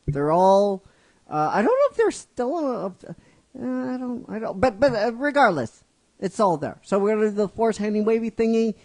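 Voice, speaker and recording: This middle-aged narrator of a fan script series casually rambles through a fan-written tale, with frequent restarts and asides to his listeners. His high-pitched voice has a sing-song quality, normal speed, and no echo.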